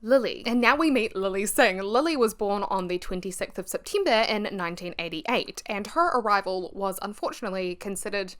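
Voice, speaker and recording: A woman's voice: medium pitch, fairly quick, few pauses, a bit bright. Chatty young New Zealand woman. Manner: chatty, self-deprecating, dramatic asides. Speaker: YouTuber. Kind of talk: storytelling commentary video.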